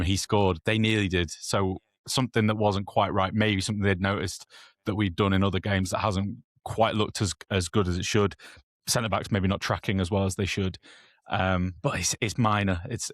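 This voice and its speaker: Man, low voice, long rambling tactical breakdown, dry close sound. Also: no echo. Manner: rambling, thorough, self-correcting. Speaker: podcast co-host. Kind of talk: casual football analysis.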